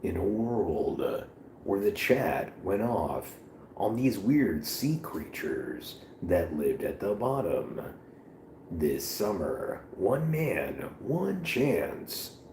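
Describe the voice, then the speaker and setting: A man putting on a booming movie trailer announcer. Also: very animated, a little mellow, a little hiss or hum, heavily acted. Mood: dramatic. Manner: dramatic, drawn-out announcer delivery. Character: deep-voiced male movie trailer announcer.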